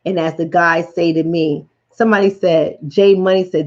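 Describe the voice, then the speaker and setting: Here a relationship coach from the Bronx, middle-aged and New York-accented, talks in a low register at moderate speed with few pauses. Her late-night stream chat is full of blunt, profane, animated storytelling, captured in dull lo-fi sound.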